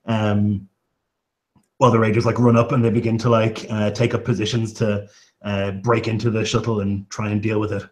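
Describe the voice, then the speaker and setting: Man, game master, low voice, filler-heavy narration. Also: level tone, normal speed, darkish tone. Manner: loose narration full of "like" and "um".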